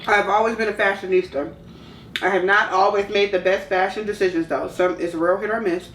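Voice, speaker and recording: A woman's voice: medium pitch, steady tone, brisk, fairly bright tone, reverberant, recorded from a distance, slight background noise, rough recording. A woman in her thirties from California, talking candidly and casually to camera in a slangy Q&A vlog. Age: 30s. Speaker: vlogger. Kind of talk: casual Q&A chat.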